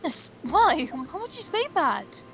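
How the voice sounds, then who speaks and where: A woman reading game dialogue as a gentle young Japanese assistant, proper and soft-spoken. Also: extremely high pitch, very animated, slow, creaky, soft background music, exaggerated voice.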